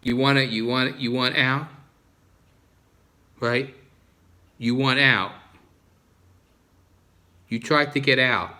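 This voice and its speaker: Rambling New Jersey man, bright voice. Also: medium pitch, steady tone, slow, pauses often. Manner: repetitive, frequent restarts. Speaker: vlogger. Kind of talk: casual rambling monologue.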